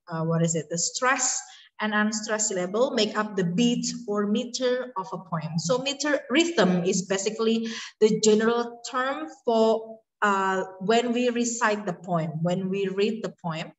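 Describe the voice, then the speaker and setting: A woman's voice: medium pitch, distant mic, rough recording. A woman lecturer, giving a university lecture on poetry, hesitant with many fillers.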